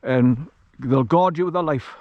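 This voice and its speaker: At a measured pace, a man with a mid-range voice rambles through casual walk-and-talk narration, chuckling often as he walks his dog up a hill track in the countryside. The action camera he carries gives lo-fi sound with a little hiss or hum.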